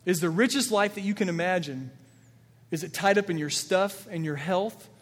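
A man's voice: high voice, normal speed. A man preaching a sermon as a pastor, earnest and building emphasis as he quotes scripture with feeling. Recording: long reverb of a large hall.

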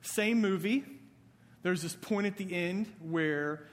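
A man's voice: high-pitched, slow pace. A male pastor preaching a sermon in a conversational way, often asking "right?". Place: church sanctuary. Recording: church hall reverb.

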